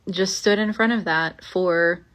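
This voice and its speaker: A young woman hosts a podcast where she reads old ghost stories aloud, her voice sitting on the low side with a fairly bright tone. She rambles casually, chatting with lots of fillers and asides, and she slows down whenever a spooky line comes up.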